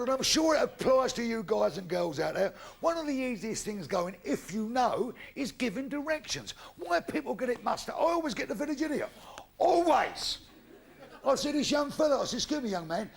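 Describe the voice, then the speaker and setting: Performing live to a laughing crowd, a middle-aged comedian delivers a crude, punchy, swear-laden set. His very high, expressive voice moves a little fast and carries vocal fry.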